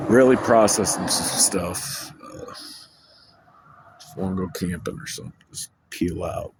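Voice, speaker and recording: A man's voice: low-pitched, noisy background. A man talking to camera in a rambling personal monologue, losing his train of thought and swearing casually. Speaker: vlogger.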